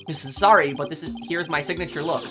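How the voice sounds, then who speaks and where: A woman voicing a laid-back young male rebel leader who speaks in a halting, unsure way. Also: low-pitched, over music, lightly acted. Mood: hesitant.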